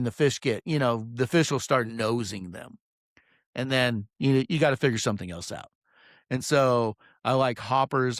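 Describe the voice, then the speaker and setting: A fishing guide talks casually into a close mic, rambling and swearing as he tells his story. His voice sits at a middle pitch for a man. The sound is dry, with no echo. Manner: rambling, profane, many "um"s.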